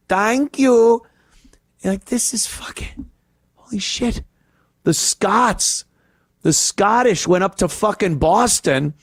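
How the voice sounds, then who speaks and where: A man's voice: sits high, no echo, clean studio sound. A male host ranting in a crude, profane, rambling way on a casual comedy podcast.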